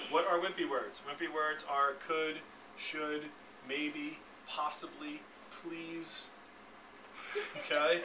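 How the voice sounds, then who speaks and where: A man teaching a sales training class, talking briskly and checking in with his listeners again and again. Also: a little high, level tone. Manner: brisk, keeps checking in with the room. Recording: echoey, distant, noisy room recording.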